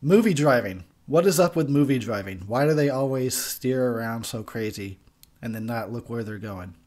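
A man's voice: mid-range voice, lively intonation, moderate pace, a little mellow. A young man giving a tipsy, profane movie commentary, rambling and laughing at his own jokes. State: tipsy from beer.

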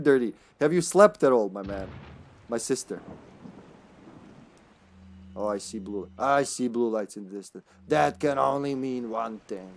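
Guy live streaming a game, chatty and goofy, talks to chat a lot, middle pitched. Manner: chatty and jokey, often laughing, greeting chat. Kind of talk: live gameplay commentary.

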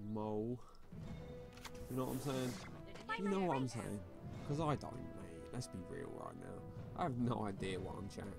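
A young man talks through a mobile game in a relaxed, slangy way, dropping "mate" every few words. His voice sits at an ordinary male pitch. Game music plays clearly underneath him. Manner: laid-back, slangy, says "mate" constantly. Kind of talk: casual gameplay commentary. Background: background music.

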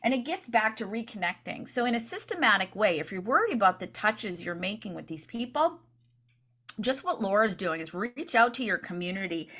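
A woman coaches real estate agents in a training session, energetic and chatty, often checking in with "right?". Her voice is medium-pitched and brisk.

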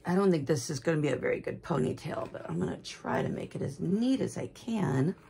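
A woman's voice: sits low, lively intonation, brisk, creaky, warm tone, a little hiss or hum. A woman vlogging about her dolls in rambling, homespun casual chat that gushes with gasps. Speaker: doll collector vlogger.

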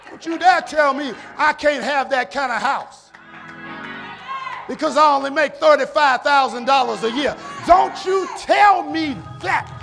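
A man with an American accent preaches a sermon in a very high, gravelly voice. He swings between quiet asides and shouted, drawn-out declarations. Soft music plays faintly behind him. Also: some chatter behind. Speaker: pastor. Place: church sanctuary.

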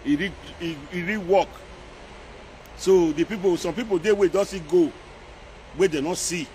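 Nigerian pidgin guy ranting at someone online, kinda high voice, faint traffic hum behind. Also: normal speed, darkish tone. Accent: Nigerian Pidgin English. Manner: scolding, repetitive, mocking. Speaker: social media commentator. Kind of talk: scolding live-video rant.

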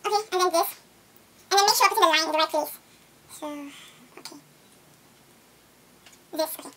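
Female vlogger, quick rambling how-to chatter, roomy recording with light hiss. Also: extremely high pitch, a bit bright. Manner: rambling step-by-step commentary. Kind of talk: casual tutorial-style vlog. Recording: echoey room with faint noise.

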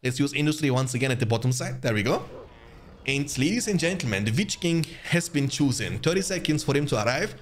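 A young man talks through his strategy game match as he plays it, addressing viewers directly. He is chatty and easily excited. His voice sits at an ordinary middle pitch. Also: fast, a little hiss or hum. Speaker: gaming channel host. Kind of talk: live gameplay commentary.

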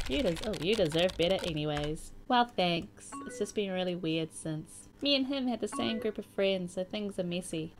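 A woman's voice: lowish voice, expressive, normal speed, hardly any pauses. A young woman casually commenting on a game she is playing and reading its chat messages aloud in a playful, chatty way. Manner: chatty and playful, reacting with sighs and laughs. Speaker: gaming YouTuber.

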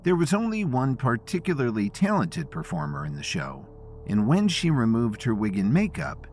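A man narrating a story in scripted, expressive storytelling. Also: medium pitch, normal speed, slight background noise.

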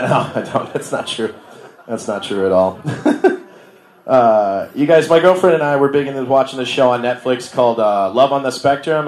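A young man from Milwaukee performing a stand-up set, loose and slangy, laughing at his own jokes. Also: mid-range voice. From Milwaukee, Wisconsin. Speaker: stand-up comedian. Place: bar comedy stage. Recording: echoey bar room.

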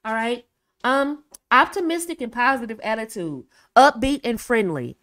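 A woman hosting a coaching talk for women. She is animated and acts out little dialogues in a sweet, high voice. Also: moderate pace, no echo, clean studio sound. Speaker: host.

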